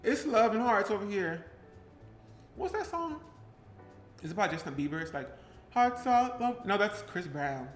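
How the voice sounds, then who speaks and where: Baking at home during a live stream, a Pleasantville, New Jersey vlogger chats and rambles, breaking into song snippets now and then. His high, fairly bright voice has lively intonation and normal speed, with long pauses. The room echoes, and faint music plays behind.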